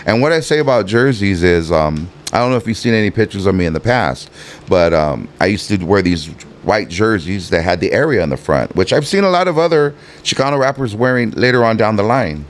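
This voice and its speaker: Lowish voice, man in his 50s, la harbor guy, rambling story full of ums. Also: sing-song, fairly quick. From Los Angeles harbor area, California. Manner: rambling, laid-back, many fillers and restarts. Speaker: guest, rapper. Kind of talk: casual storytelling interview.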